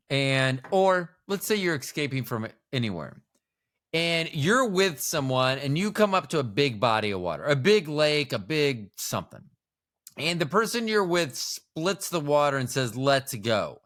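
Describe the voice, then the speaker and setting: A man's voice: mid-range voice, sing-song, a little slow, fairly bright tone. A middle-aged man co-hosting a podcast, rambling through playful jokes in casual chat. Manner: rambling, playful, jokey asides. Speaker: podcast co-host.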